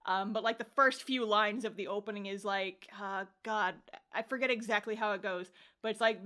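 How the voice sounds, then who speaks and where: A young woman co-hosting a podcast, casually recapping an anime episode with animated storytelling, acting out characters' lines, laughing and swearing. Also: mid-range voice, a little fast. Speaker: podcast co-host reviewing anime.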